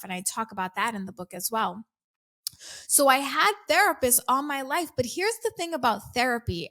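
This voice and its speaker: Here the guest author and coach, a woman beyond her early twenties, speaks with a fairly high, fairly bright voice. Telling her life story on the podcast, she's open and lively, voicing past conversations and breaking into laughter frequently.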